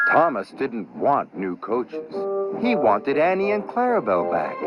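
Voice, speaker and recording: A man narrating a children's train story in a slow, expressive storytelling manner. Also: mid-range voice, rough recording. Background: loud background music.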